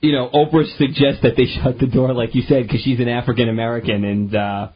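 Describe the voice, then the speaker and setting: A man's voice: mid-range voice, little pitch movement, fairly quick, slight background noise. A man hosting a talk radio show, bantering bluntly and joking with his co-hosts on a lo-fi AM broadcast. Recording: lo-fi AM radio broadcast with faint music.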